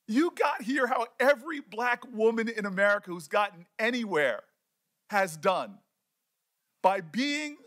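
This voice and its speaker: A senator speaking at a hearing, earnest and emotional, close to tears, with halting repeated words. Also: male voice, sits high, fairly bright tone. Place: committee hearing room.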